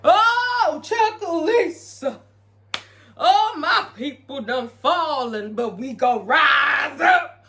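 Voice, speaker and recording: A British woman mimicking a grandiose preaching woman who rallies a crowd with a drawn-out sermon cadence. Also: high voice, expressive, pushed and bright, a little hiss or hum, pitched above the performer's own voice, full character voice.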